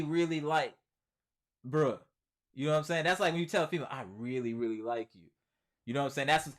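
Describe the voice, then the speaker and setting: A man with a slightly higher-pitched voice hosts a casual live-stream sports show. He talks in an animated, slangy way, reads viewer comments aloud and answers them, and repeats his points for emphasis. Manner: emphatic repetition, slangy speech. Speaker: sports channel host.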